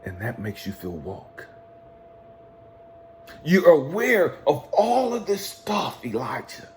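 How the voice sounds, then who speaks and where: A man's voice: a little high, huge pitch swings, slow, a little mellow, a little hiss or hum, full character voice. A man voicing a stern male God who questions him, probing and mocking at first, then scolding and swearing. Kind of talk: retold dialogue in a motivational monologue.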